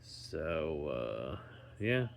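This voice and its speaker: A man talking casually in a daily vlog, rambling slowly with many ums and restarts while recovering at home and sounding tired. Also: rumbling low, very animated, creaky, a little hiss or hum. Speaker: vlogger.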